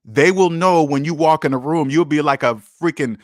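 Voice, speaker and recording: A man's voice: on the high side, normal speed, no echo, studio quality. A man hosting a casual livestream, talking bluntly and emphatically, with profanity and lots of repetition. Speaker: livestream host.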